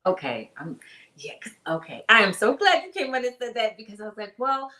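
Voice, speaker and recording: A woman's voice: mid-range voice, big pitch swings, brisk, sharp tone. Chatty woman hosting a faith talk show. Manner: chatty, laughing, reads out viewer comments. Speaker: host. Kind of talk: casual ministry talk show.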